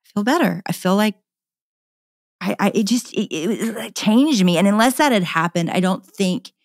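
A woman's voice: mid-range voice, animated, normal speed, dry recording, studio quality. A middle-aged woman, a podcast guest, candidly telling a personal story in an earnest, passionate way and often repeating words.

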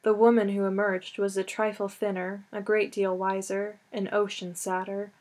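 A woman reading a novel aloud as an audiobook, in measured, steady storytelling narration. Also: mid-range voice. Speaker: audiobook reader. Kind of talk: scripted narration.

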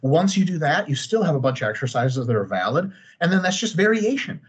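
Podcast guest, thirties, male: husky, very expressive, swearing freely. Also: a little high, a little fast. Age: 30s. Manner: animated, profane, ranting with humor. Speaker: podcast guest, training expert. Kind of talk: casual chat.

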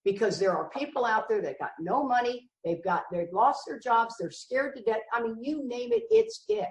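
Speaking at a recovery meeting, a middle-aged woman is frank, forceful and wryly funny, her fairly high voice carrying a sing-song lilt at normal speed. The mic sits far from her in an echoey room, with slight background noise.

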